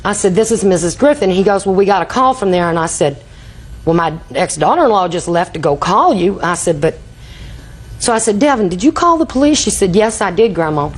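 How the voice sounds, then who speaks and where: A woman's voice: mid-range voice, animated, fairly quick, husky, low-quality recording. An older woman testifying in a TV courtroom, telling a rambling story and acting out quoted dialogue. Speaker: litigant.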